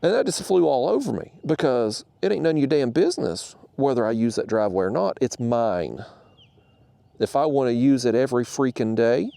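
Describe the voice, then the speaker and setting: A man who hosts a fishing channel, telling a story to the camera in an animated, exasperated rant. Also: mid-range voice, creaky, no room sound.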